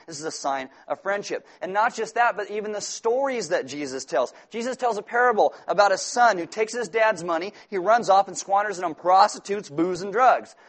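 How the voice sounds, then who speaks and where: High-voiced, joking man preaching a sermon. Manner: humorous, animated, jokey asides to the congregation. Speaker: pastor.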